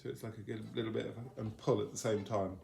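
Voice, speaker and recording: A man teaching a violin lesson in a relaxed, explanatory way, often singing phrases of the tune on nonsense syllables. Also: on the low side, fast, gravelly. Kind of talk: instructional lesson video.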